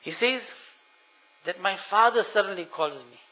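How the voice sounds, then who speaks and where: Earnest high-voiced male preacher. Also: expressive, a little slow. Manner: earnest, pleading, swings from hushed to loud. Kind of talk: sermon with storytelling. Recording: dull lo-fi sound.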